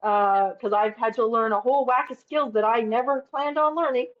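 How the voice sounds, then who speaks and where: Animated woman guest, lo-fi sound. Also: fairly high pitch, normal speed. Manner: animated, emphatic, swears casually. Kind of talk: casual interview talk.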